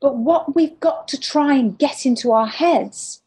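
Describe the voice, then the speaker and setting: A woman's voice: a little slow, low-quality recording. A woman hosting a casual chat who talks with animation and acts out other people's words in a raised voice. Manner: animated, acts out quotes in a higher voice.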